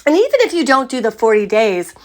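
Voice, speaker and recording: An older woman with a raspy voice from a cold, giving a chatty, meandering spiritual talk to her community. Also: fairly high pitch, very animated. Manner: chatty, meandering, drawn-out phrasing. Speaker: spiritual teacher.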